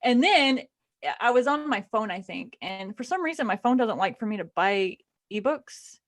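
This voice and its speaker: A woman co-hosting a podcast, casually and excitedly retelling a book she loved, with lots of fillers. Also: on the high side, normal speed. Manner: animated and gushing, lots of fillers. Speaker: podcast co-host.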